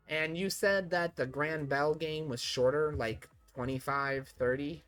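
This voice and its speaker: A man's voice: a little high, fairly even intonation, measured pace, few pauses, a bit bright, soft background music. A man streaming a video game, making chatty, offhand asides between reading dialogue.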